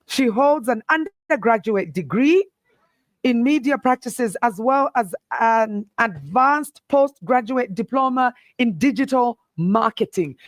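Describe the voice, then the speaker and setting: A woman hosts a live event with a high, bright-pitched voice. She jokes and teases the audience, rallying them to cheer. The sound is dry and close. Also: animated, unhurried, no echo. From South Africa. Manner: playful, teasing and rallying the crowd. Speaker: event host. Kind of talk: lively event hosting. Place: event venue.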